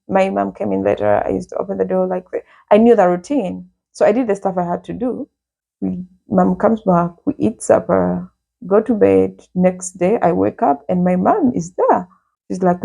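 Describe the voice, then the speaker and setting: A young woman casually telling a lively personal story from her school days, laughing and acting out what people said. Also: medium pitch, creaky, husky. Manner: lively, laughing, acts out quotes.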